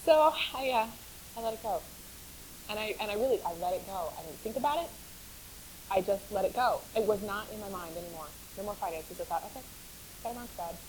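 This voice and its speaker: A woman tells her own faith testimony in a loose, conversational storyteller's voice. Her pitch sits in a middle range, neither high nor low. She laughs often and repeats words to drive a point home. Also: expressive, a little fast, darkish tone, a little hiss or hum, low-quality recording. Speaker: speaker sharing her testimony.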